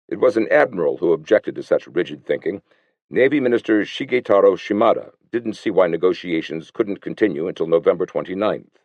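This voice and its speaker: Deep-voiced man narrating an audiobook. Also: expressive, brisk, no room sound. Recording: slightly muffled dry recording.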